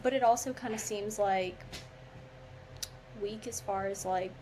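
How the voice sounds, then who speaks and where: A woman's voice: mid-range voice, a little slow, darkish tone, a little hiss or hum, rough recording. A woman podcast host reading a poem aloud with theatrical flair, tripping over words now and then, then chatting casually with lots of filler. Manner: theatrical recitation with stumbles, chatty filler-heavy talk after. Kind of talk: dramatic poetry reading then casual chat.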